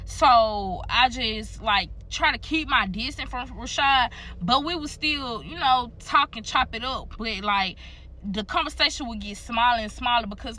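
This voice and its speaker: Young woman, chatty profane storytime, bright tone. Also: a little high, unhurried. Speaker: storytime creator. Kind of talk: casual storytime to viewers.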